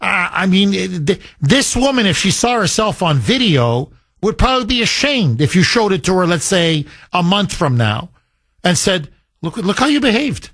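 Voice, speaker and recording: A man's voice: sits high, animated, normal speed, a bit bright, dry recording, clean studio sound. A male talk radio host, emphatic and sarcastic, taking calls from listeners. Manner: emphatic and sarcastic, mocks opponents with sing-song voices. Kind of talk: opinionated talk radio monologue.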